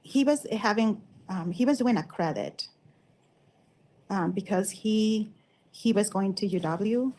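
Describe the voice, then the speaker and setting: A woman testifying in court, giving short, halting and unsure answers. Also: medium pitch, dark tone, slight background noise, poor audio. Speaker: trial witness.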